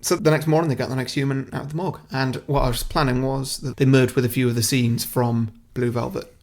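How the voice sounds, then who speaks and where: A man co-hosting a podcast, pitching a silly story in loose, wandering sentences. His voice sits at a middling pitch and has a gravelly, fry-laden edge. He keeps chuckling at his own ideas. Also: flat delivery, fast talker. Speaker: podcast co-host. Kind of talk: casual chat, pitching a comic plot.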